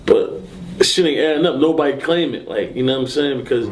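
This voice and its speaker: A man being interviewed, telling a story casually and acting out what people said with sudden high, loud bursts. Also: fairly quick, a little hiss or hum. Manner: animated, acts out quotes and shouts in sudden high bursts.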